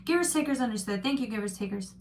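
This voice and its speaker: A woman with a slightly high voice hosts a live-stream tarot reading. She talks in a chatty, loose way and often restarts her sentences as she reads out viewer comments. A faint noise sits under her voice. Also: expressive, fast talker, a little mellow. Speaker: tarot reader.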